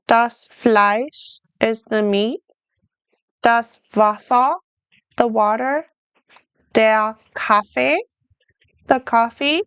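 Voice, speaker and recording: A woman teaching a beginner language lesson, modeling short phrases slowly and then explaining them in plain words. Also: fairly high pitch, fairly even intonation, fairly bright tone, clear, resonant tone, no echo. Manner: speaks slowly and carefully, models German phrases then translates. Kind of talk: slow, clear beginner lesson.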